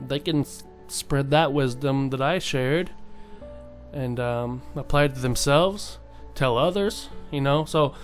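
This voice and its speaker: A man's voice: mid-range voice, slow pace, faint music behind. A young man talking casually and earnestly to his viewers, rambling with many fillers and restarts. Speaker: vlogger. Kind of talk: casual motivational monologue.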